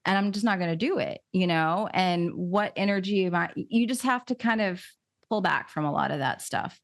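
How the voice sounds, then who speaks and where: A woman's voice: on the low side, dry recording, clean studio sound. A woman hosting a podcast in casual chat, chatty and laughing easily. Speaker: podcast host.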